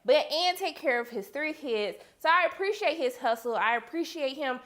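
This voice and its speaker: A young woman reviewing a TV episode in a casual vlog, animated and talking straight to her viewers. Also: moderate pace. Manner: quotes characters with sudden high-pitched outbursts.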